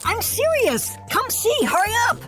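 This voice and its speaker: A woman voicing an excited, eager young boy in a told story. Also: very high voice, moderate pace, soft background music, heavily acted. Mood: insistent.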